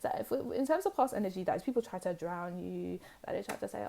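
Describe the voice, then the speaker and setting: A young woman reads tarot cards straight to her viewers. Her voice sits at a middling pitch with a mellow, warm tone. She talks emphatically and hammers home her points by repeating them. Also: fast, gravelly, few pauses, slight background noise. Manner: animated, emphatic, repeats phrases for stress. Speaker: tarot reader. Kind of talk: pick-a-card tarot reading.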